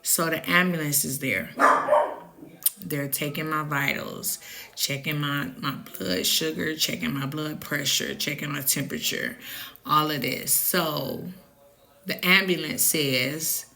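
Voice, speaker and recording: Lively woman telling a story, bright voice. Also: measured pace, creaky. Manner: animated, emphatic storytelling that jumps high when indignant; drops to a hushed, low voice when recounting the tense moments. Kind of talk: casual storytime vlog.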